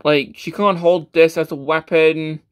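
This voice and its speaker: A man's voice: a little high, steady tone, a little slow, clean tone. Stammering man reviewing a toy. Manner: stammering, with many fillers and restarts; self-deprecating, matter-of-fact.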